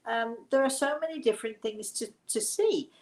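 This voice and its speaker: A woman hosts a live stream as a psychic medium, chatting casually in a webinar style and rambling with frequent laughs and restarts. Her voice is fairly high and brisk, and the recording quality is low.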